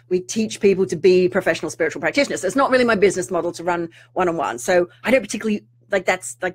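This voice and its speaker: A middle-aged woman, a spiritual teacher talking to viewers in an animated, ranting way with mock-outraged asides. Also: on the low side. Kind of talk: live-streamed rant to viewers.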